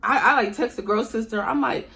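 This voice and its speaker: A woman's voice: fairly high pitch, brisk, vocal fry, pushed and bright. A young woman casually retelling a personal story to her viewers, chatty and talking to them directly as y'all, acting out what others said. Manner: acts out quoted dialogue. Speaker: storytime vlogger.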